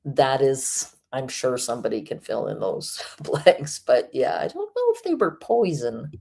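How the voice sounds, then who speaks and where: A low, dark-toned woman hosts a livestream and reacts to a clip with mocking sarcasm. Her pitch swings widely as she comments. She talks casually and laughs often. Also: very animated, unhurried, creaky, slightly rough. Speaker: host reacting to a video.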